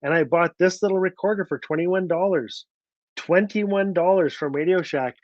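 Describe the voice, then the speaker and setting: A man telling a story at an online book event, earnest and halting, repeating words as he goes and acting out what others said. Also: sits high, no echo. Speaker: author and storyteller. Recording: dull, dry sound.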